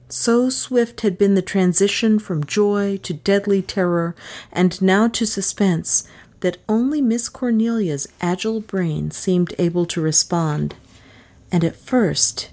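A woman narrating a mystery novel aloud in a measured, unhurried reading, voicing the characters' lines. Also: fairly low pitch, mellow. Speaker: audiobook narrator. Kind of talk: scripted narration.

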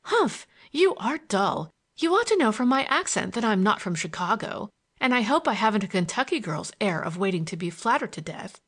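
A woman reading the lines of a playful, mocking young woman in an audiobook, her talk quick and breathless. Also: medium pitch, very animated, a bit bright. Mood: teasing.

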